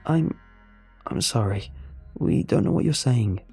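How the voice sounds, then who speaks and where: A man voicing an excited, nervous young radio operator in a higher, hurried voice. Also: breathy edge, faint music behind, full character voice. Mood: apologetic.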